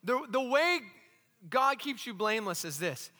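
A man preaching a sermon as pastor, animated and asking the congregation questions. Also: very high-pitched, unhurried, big-room sound. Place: church hall.

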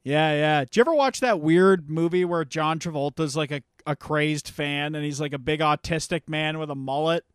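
A man co-hosting a podcast in casual chat, animated and swearing freely. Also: fairly high pitch, moderate pace, hardly any pauses, clear, resonant tone, dry recording, clean studio sound. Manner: animated, swears a lot, acts out bits loudly. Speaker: podcast co-host.

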